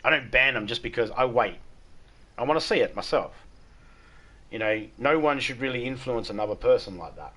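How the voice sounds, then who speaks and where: During a live gaming stream, an Australian man chats casually with his chat viewers, blunt and frank, swearing freely and laughing at his own jokes. His medium-pitched voice is brisk, pushed and bright, with lively intonation.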